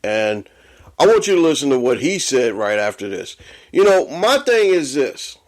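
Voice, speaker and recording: A man's voice: mid-range voice, sing-song, moderate pace. A man hosting a sports podcast, ranting angrily and swearing a lot as he gets worked up. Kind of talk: profane sports rant.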